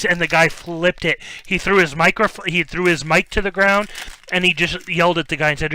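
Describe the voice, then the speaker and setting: A man's voice: high voice, normal speed. A young man hosting a card break, chatting casually as he opens packs and reads off player names, stumbling over words now and then. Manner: rambling, stumbles over names, bursts of excitement. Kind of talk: casual live-stream chat while opening cards.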